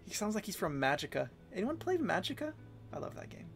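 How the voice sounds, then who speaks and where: A young man streams a game and talks through it in a playful, chatty way, laughing often. His voice sits a bit high, and faint game music plays underneath. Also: big pitch swings, fairly quick, vocal fry, fairly bright tone. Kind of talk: casual let's play commentary.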